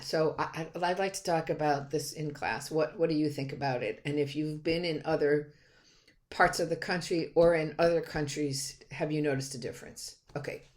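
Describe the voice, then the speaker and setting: A woman's voice: sits low, steady tone, normal speed, darkish tone. A middle-aged woman from Connecticut giving a recorded college lecture in a chatty, self-correcting way, with many fillers and restarts. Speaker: college instructor.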